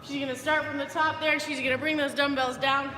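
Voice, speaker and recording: A woman's voice: high voice, level tone, a little fast, sharp tone, long reverb tail, a little hiss or hum. A woman fitness coach giving upbeat, chatty movement cues during a live workout.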